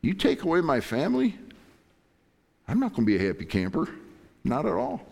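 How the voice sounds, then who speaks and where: A man's voice: a little high, wildly swooping pitch, fairly quick, creaky, a little mellow. A middle-aged man preaching a sermon as pastor, impassioned, acting out prayers and God's replies.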